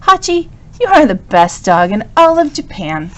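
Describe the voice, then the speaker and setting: A woman doing a gentle, doting professor. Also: a little high, sing-song, normal speed. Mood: affectionate. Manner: tender, coaxing, praises like talking to a baby. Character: gentle kindly professor, man, dog owner.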